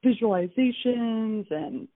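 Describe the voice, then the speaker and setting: In a recorded interview, a wife and mother recounts events in a lively, animated way, acting out what people said with big swings in pitch. She speaks slowly, and the dry recording has a tinny, phone-like quality with faint music behind it.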